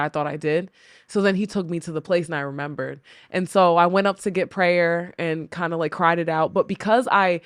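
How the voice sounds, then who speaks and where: A lowish-voiced woman is heard in a dry recording with clean studio sound. Appearing as a podcast guest and wife of the co-host, she speaks candidly and reflectively about personal struggles in conversational storytelling, often voicing her own past thoughts.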